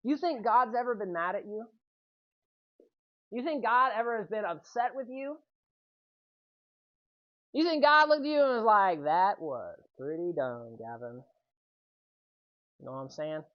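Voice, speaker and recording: A man preaching to young people in an animated, storytelling way, his pitch swinging widely as he talks. He keeps checking in with his listeners. The recording sounds dull and lo-fi. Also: normal speed, pauses often. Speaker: youth speaker. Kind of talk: youth sermon with personal story.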